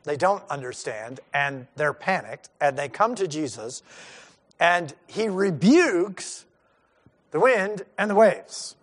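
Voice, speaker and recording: Male pastor, high and swooping voice, animated storytelling sermon. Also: slow pace. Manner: animated, acts out the disciples' panic in asides.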